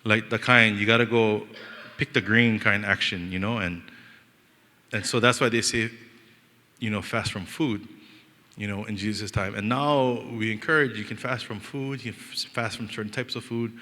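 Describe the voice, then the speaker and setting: Bright-voiced pastor with a Hawaiian Pidgin lilt. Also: male voice, lowish voice, moderate pace. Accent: Hawaiian Pidgin-inflected English. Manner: animated, joking, acts out quoted voices. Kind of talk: storytelling sermon. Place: church hall. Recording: long reverb of a church hall.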